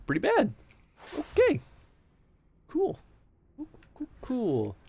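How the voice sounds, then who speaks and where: A man's voice: very high voice, huge pitch swings, slow, gravelly, mellow, husky. Chatty Chicago-accented man. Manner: rambling, chatty, laughs often. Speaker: streamer. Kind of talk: casual live-stream chat.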